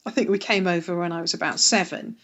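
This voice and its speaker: A woman's voice: fairly low pitch, fairly even intonation, fast, dull audio. A woman from Northern Ireland, a planning director, chatting casually as a podcast guest. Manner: chatty, warm laughs, fillers.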